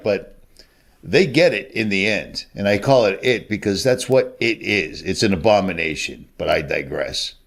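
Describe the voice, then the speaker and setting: Ranting man in his fifties. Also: fairly low pitch. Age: 50s. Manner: scornful, emphatic ranting. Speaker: commentary channel host. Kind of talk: ranting commentary.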